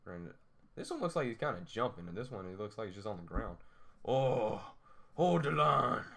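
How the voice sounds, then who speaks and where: A man's voice: fairly low pitch, big pitch swings, moderate pace, gravelly, fairly bright tone. A young man rambling while he sketches, laughing often and mocking his own drawing. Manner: self-deprecating, laughs often, talks to himself. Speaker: drawing tutorial host.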